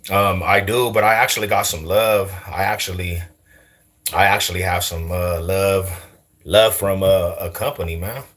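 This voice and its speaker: A man's voice: sits low, normal speed. A young man from Denver with an East Side Denver accent, talking casually and slangily to camera as a vlogger. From Denver, USA. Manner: slangy, loose, animated, laughs often. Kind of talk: casual street talk to camera.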